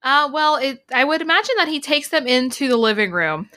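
A woman playing a tabletop game, musing as she describes the scene in unhurried talk. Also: sits high, big pitch swings, bright, forceful tone. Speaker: player.

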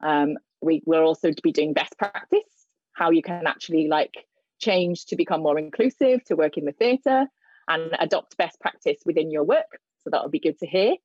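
A woman sign language interpreter gives a live spoken voice to a deaf host's signing, pausing often with fillers and restarting sentences. Her voice sits fairly low. It comes through a dull, muffled video call line with no room sound. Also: a little mellow, breathy edge, no room sound. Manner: hesitant, many fillers and restarts. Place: indoors in front of a plain grey backdrop.

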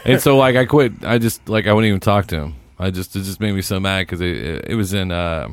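A man's voice: low voice, a little fast, clean tone. A man with an Indiana accent co-hosting a podcast in a studio, teasing the others and laughing often. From Indianapolis area, USA. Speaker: podcast co-host. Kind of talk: casual chat.

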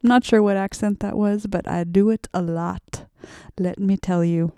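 A woman's voice: medium pitch, steady tone, a little slow, dark tone, clear, resonant tone, dry recording, studio quality. A woman in her late thirties from Arkansas, chatting casually and upbeat on her solo podcast, talking straight to her listeners. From Arkansas, USA. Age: late 30s. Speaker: podcast host.

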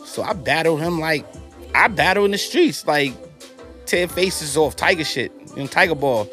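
Man, slightly high voice, animated and profane storyteller, faint music underneath. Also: moderate pace. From New York. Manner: animated, profane, acts out quoted dialogue. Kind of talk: casual storytelling.

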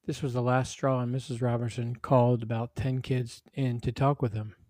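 A man's voice: medium pitch, little pitch movement, normal speed, mellow, no room sound. Man reading a story aloud, dry sound.

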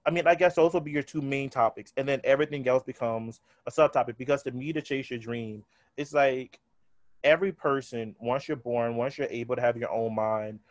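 A man's voice: mid-range voice, brisk, no echo. A man hosting a podcast, chatting casually and driving his points home by repeating himself. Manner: emphatic, hammers points with repetition. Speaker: podcast host.

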